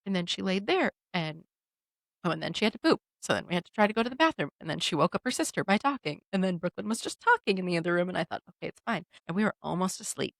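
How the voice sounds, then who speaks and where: A woman co-hosting a casual podcast chat, a mother of two young children, telling lively stories and acting out the quotes. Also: lowish voice, creaky, dry recording. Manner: animated storyteller who acts out quotes. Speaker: podcast co-host.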